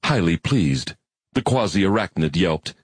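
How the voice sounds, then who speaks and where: A man narrating a science-fiction audiobook in an expressive storytelling manner. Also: sits low, a little slow, husky, no echo. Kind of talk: scripted narration.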